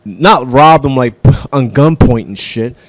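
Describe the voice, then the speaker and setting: A man hosts a comedy radio show, ranting about sports in a loose, profane way like a diehard fan. His voice sits at an ordinary middle pitch and sounds close and dry, with no room around it. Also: expressive, takes it slowly, no room sound. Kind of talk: casual sports rant.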